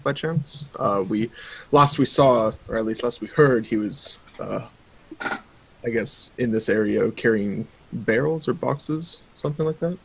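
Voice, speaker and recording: A man's voice: mid-range voice, unhurried, vocal fry, a bit bright, slight background noise. A man from Canada playing a tabletop game, talking hesitantly with many fillers. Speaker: player.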